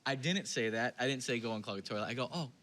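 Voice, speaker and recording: A man's voice: medium pitch, steady tone, fast talker, sharp tone. A man who is an executive pastor, telling a self-deprecating anecdote in casual podcast chat. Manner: self-deprecating, many fillers and restarts while telling an anecdote.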